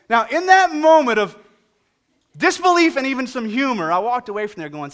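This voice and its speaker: A middle-aged male pastor preaching a sermon and telling a humorous story with animated delivery. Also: very high-pitched, fairly quick.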